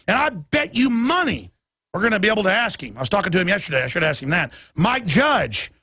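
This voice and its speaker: A man hosting a radio talk show, delivering a heated, emphatic monologue that swings between loud and soft. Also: high-pitched, sing-song, fairly quick, slightly rough, dry recording, studio quality. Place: radio studio.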